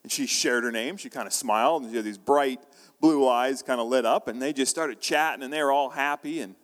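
A man's voice: mid-range voice, a little fast. A man preaching a sermon as pastor, telling a story in a conversational way with frequent restarts. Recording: long reverb of a large hall.

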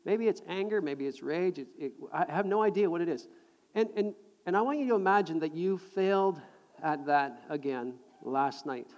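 A middle-aged man preaching a sermon to a live congregation, animated and jokey, repeating words as he builds a point. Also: fairly high pitch. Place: large hall with audience. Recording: long hall reverb.

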